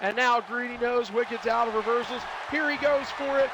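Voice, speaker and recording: A high-voiced man calls a video game wrestling match live, shouting at the big moves and cracking jokes in between. Behind him, a roaring crowd and heavy noise fill the stream. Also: a little fast, hardly any pauses. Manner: excitable, shouting at big moves, laughing asides. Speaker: play-by-play commentator.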